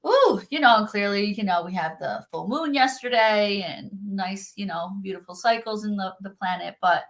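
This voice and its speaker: A woman's voice: medium pitch, moderate pace, a bit bright. A woman speaking earnestly and from the heart in a casual conversation, as a spiritual practitioner on a video call.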